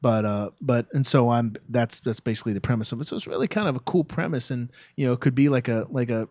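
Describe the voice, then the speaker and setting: A man talks loosely about his acting work as a guest, circling back with plenty of fillers and false starts. The sound is dry and a little dull, with no room ring. His voice sits at an ordinary middle pitch. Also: fast, a little mellow, no echo. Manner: rambling, many fillers and restarts. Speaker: actor guest. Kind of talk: casual interview chat.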